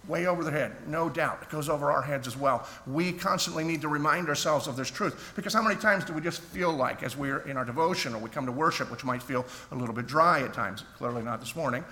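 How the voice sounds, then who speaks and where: A man with a fairly high, bright, forceful voice preaches a sermon, earnest and conversational, restarting phrases as he goes. His voice carries a long echo through a church hall over faint background noise. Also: quick pace, few pauses. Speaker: pastor.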